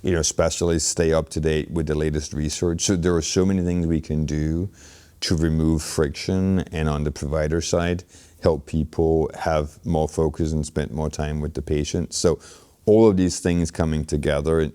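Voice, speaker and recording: A middle-aged man who leads in healthcare innovation appears as an interview guest, giving thoughtful, reflective answers full of "you know" fillers and restarts. His voice is extremely low, warm, clear and resonant.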